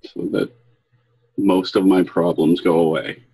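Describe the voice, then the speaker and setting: Deep gravelly hesitant man. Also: little pitch movement, measured pace, warm tone. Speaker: team member. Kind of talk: casual answers in a group session.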